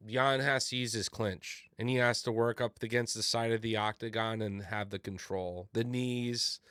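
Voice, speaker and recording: A man's voice: on the low side, steady tone, normal speed, fairly bright tone, smooth, dry recording, clean studio sound. A man co-hosting a fight podcast, giving opinionated predictions with swearing and sweeping asides. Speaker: podcast co-host. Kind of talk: casual sports banter.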